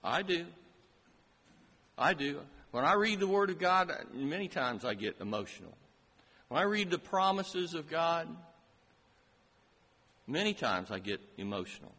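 Slow, emphatic preacher in a reverberant hall. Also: male voice, a little high, very animated, pushed and bright, breathy edge. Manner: slow, emphatic preaching with rising rhetorical questions. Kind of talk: sermon. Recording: long reverb of a large hall.

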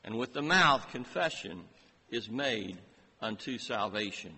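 A man preaching a sermon, slow and emphatic, asking many rising rhetorical questions. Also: fairly low pitch, lively intonation, pushed and bright, a little hiss or hum. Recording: long reverb of a large hall.

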